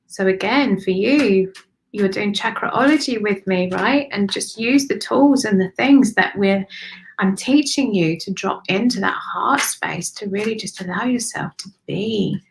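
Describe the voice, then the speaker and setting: A woman with a creaky mid-range voice speaks at a measured pace, with slight background noise, while hosting a live-streamed intuitive card reading. A spiritual card reader, she's chatty and effusive, thinks aloud, and calls listeners honey and darling.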